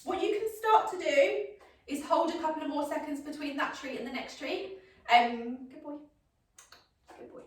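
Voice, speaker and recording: A woman's voice: sits high, normal speed, long pauses. A woman, a dog trainer giving an upbeat demonstration, often checking in with "okay?". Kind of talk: instructional demonstration. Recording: echoey, mic far off.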